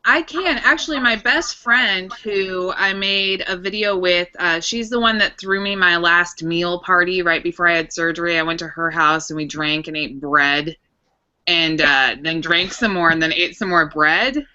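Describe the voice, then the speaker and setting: Candid woman in her 30s chatting as a guest, bright tone, kinda dull muffled audio. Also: lowish voice, moderate pace, clear, resonant tone. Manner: candid, reflective storyteller. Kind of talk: casual chat. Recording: dull lo-fi recording.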